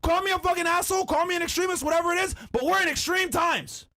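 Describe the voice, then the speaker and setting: A man hosting a podcast, ranting loudly and emphatically, heavy on profanity and often shouting. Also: extremely high pitch, fairly even intonation, quick pace. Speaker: podcast host. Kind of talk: heated podcast rant.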